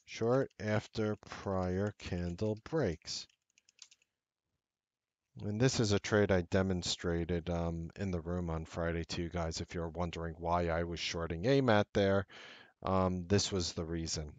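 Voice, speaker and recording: A man's voice: low-pitched, fairly even intonation, normal speed, dry recording, muffled recording. A man teaching a trading strategy over a chart, stressing key points and repeating them for emphasis. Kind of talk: screen-share trading lesson.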